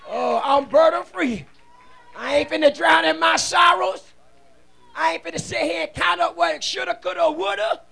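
High, gravelly shouting preacher man. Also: normal speed. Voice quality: gravelly, husky. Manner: fervent, chanting and exhorting the congregation. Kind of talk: shouted revival sermon with call-and-response. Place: church sanctuary.

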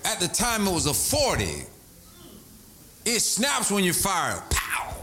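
Animated preacher man with lively swings. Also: a little slow, soft background music. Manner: animated preaching, shouting and sing-song swings into a high voice. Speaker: pastor. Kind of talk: sermon.

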